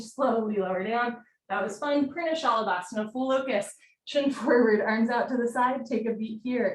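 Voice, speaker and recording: A young woman teaching a live yoga class, giving brisk step-by-step cues and getting breathy as she does the poses along with the class. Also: fairly high pitch, darkish tone. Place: room at home, live video call. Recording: roomy sound from far off the mic, faint hiss.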